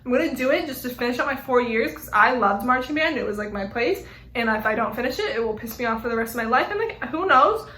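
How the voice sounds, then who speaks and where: A woman's voice: a little high, fast, few pauses, bright, forceful tone. A young woman talking to camera in a casual, rambling way, full of fillers and frank asides, with a slight echo from a small room. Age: young adult. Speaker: vlogger. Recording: echoey room.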